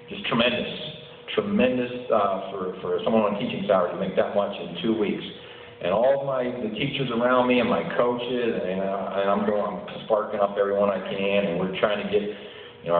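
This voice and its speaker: A man's voice: on the low side, a little hiss or hum. A man in his thirties, a teacher giving an enthusiastic personal testimonial, storytelling and chuckling as he talks. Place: meeting room. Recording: distant, tinny, echoey hall recording.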